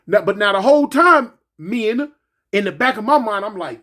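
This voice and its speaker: La guy telling a story, kinda high voice, lots of "man" and "you know", real animated and casual. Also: moderate pace. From Los Angeles.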